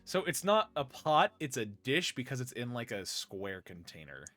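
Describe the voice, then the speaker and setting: A man's voice: mid-range voice, very animated, normal speed, fairly bright tone. A man hosting a casual chat, reading recipes aloud and laughing often. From United States. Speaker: podcast host.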